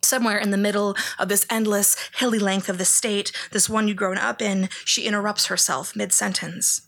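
A woman reading a memoir aloud in second person, in a hushed, even delivery that at times drops toward a whisper. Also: medium pitch, moderate pace, vocal fry. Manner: hushed, flat, sometimes close to a whisper. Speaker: audiobook narrator.

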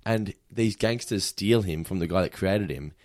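A man in casual chat about movies, animated and acting out scenes in quoted voices. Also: deep voice, moderate pace, dry recording, studio quality. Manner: animated, acts out film characters in quoted voices.

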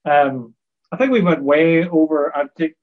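Podcast host, man, fairly high voice, wry amused storyteller, slightly muffled recording. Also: measured pace. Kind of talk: casual podcast chat.

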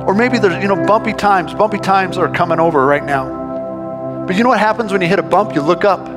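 A man preaching a sermon to his church, conversational and animated, often restarting his sentences. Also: sits high, moderate pace, long pauses, music in the background. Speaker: pastor.

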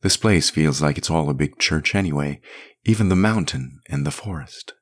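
A man voicing a composed, dryly witty woman in his own low voice. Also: moderate pace. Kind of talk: audiobook character reading.

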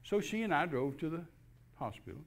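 Man telling a story, lively and animated. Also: fairly high pitch, fairly quick, vocal fry. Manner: animated storyteller, acts out scenes. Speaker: minister and guest speaker. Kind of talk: storytelling on a talk show.

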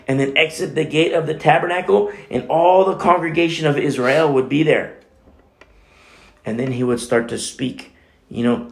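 A man's voice: on the high side, creaky. A man preaching a Bible teaching sermon as a pastor, talking conversationally with frequent "you know" asides.

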